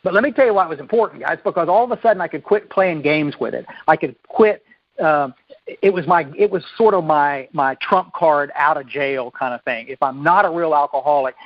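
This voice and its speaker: A man's voice: a little high, no echo. Folksy man telling his recovery story. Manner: folksy, self-deprecating, halting with restarts. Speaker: recovery speaker. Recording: dull lo-fi dry recording.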